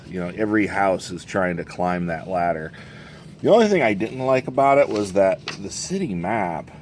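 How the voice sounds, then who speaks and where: A man's voice: sits low, a little hiss or hum. A man who runs tabletop games, chatting casually and rambling about an old box set, correcting himself as he goes. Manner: rambling, self-correcting, chuckling storyteller. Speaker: game master reviewing a box set. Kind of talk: casual show-and-tell chat.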